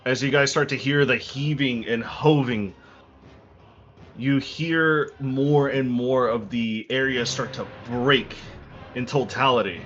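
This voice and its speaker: A man running a tabletop game as game master, narrating dramatically and slowing down for effect, with frequent restarts. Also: mid-range voice, fairly bright tone. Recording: dull lo-fi recording, faint music.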